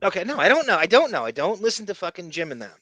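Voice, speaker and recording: A man's voice: high voice, very animated, rapid-fire, a bit bright, no room sound. A man co-hosting a podcast, talking in a blunt, rambling, profane casual way. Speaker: podcast co-host.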